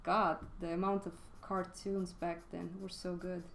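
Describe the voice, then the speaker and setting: A woman's voice: lowish voice, little pitch movement, unhurried, gravelly. A woman giving a casual, chatty charcoal drawing lesson while live-streaming, frank and swearing now and then. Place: home studio, live stream.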